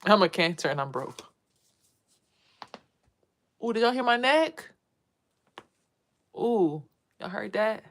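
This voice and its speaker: A woman's voice: mid-range voice, sing-song, takes it slowly, pauses often. A woman doing a casual, rambling spiritual tarot vlog and talking straight to her viewers. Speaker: tarot reader and spiritual vlogger.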